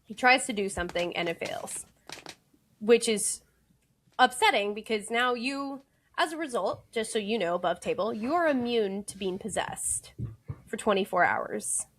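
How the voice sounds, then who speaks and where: A woman's voice: mid-range voice, animated, normal speed. A woman running a tabletop horror game as game master, describing scenes vividly and making playful rulings on the mechanics.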